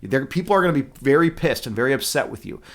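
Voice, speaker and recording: A man's voice: medium pitch, expressive, fast talker. Rambling male streamer reading chat. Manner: rambling, many fillers and restarts; laughs at his own jokes. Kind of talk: casual chat with live chat.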